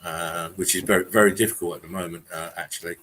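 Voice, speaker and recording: A man's voice: low-pitched, steady tone, fast talker, a bit bright, a little hiss or hum. A man co-hosting a livestream, talking casually with many fillers and restarts. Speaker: stream co-host.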